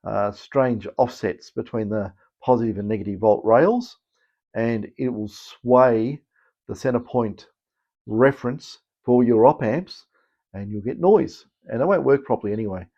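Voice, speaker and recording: A man's voice: medium pitch, measured pace, lo-fi sound. An Australian man explaining electronics repairs in a casual, rambling way, with many fillers and restarts. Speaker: electronics technician and channel host.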